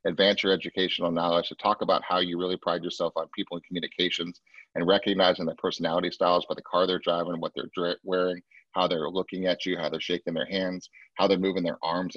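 Husky low-voiced man teaching a sales class. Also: little pitch movement, a little fast, fairly bright tone, no room sound, dull audio. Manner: emphatic, acts out client quotes in a much higher voice. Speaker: real estate sales trainer. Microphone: video call.

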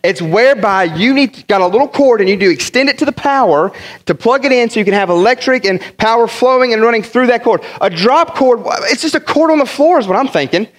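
A pastor from the northern United States preaching a sermon, telling funny stories in an animated way and often repeating his words. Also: very high-pitched, fairly quick. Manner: animated, humorous storytelling with many repeated words.

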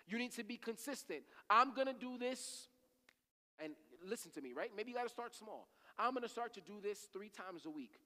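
A man preaching a sermon as a ministry leader, emphatic and call-and-response, swinging between loud and soft. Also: high voice. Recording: long hall reverb.

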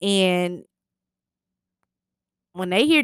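A woman's voice: mid-range voice, expressive, unhurried, dry recording, clean studio sound. A woman casually recapping a TV episode, telling it in a chatty, slangy way with lots of fillers.

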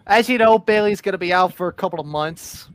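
A man co-hosting a podcast, reading out results from notes in a steady, announcer-like way. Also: sits high, fairly quick, clear, resonant tone. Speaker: podcast co-host reading news.

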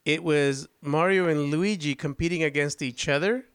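A man's voice: on the high side, normal speed, a bit bright, clean tone, dry recording, clean studio sound. A man hosting a podcast, telling a rambling story with restarts and frequent laughter. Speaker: podcast host. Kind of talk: casual chat.

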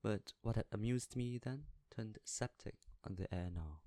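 Low-voiced man reading a novel aloud. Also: a little slow, dark tone, no room sound. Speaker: audiobook narrator. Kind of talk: scripted narration.

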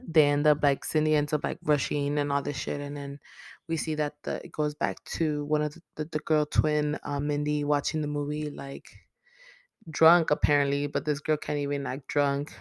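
A woman's voice: sits low, normal speed, no echo. A woman recapping a horror movie in a casual, rambling way, swearing constantly and getting worked up. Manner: heavy swearing, excitable and blunt; rambling with many fillers.

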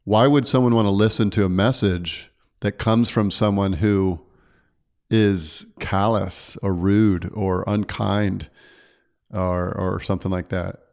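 A man who is a preacher, talking through a point in casual church chat, earnest and quick to correct himself. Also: low voice, fairly even intonation, creaky, darkish tone. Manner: earnest, self-correcting, laughs easily.

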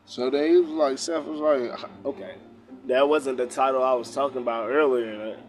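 A man's voice: mid-range voice, fairly even intonation, normal speed. A young man recapping a wrestling show in loose, slangy, profanity-heavy casual talk. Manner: slangy, loose storytelling, frequent cursing.

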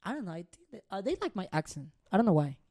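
Woman, Spanish accent, casual co-host, lively, wide-ranging pitch, plain-spoken. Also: very fast, no echo, studio quality. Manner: blunt, swears, uneven English. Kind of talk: casual chat.

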